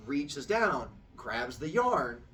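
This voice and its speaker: Animated man retelling a story. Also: on the high side, drawn-out words, distant mic, a crowd in the background. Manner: animated, casual, acts out voices and sounds.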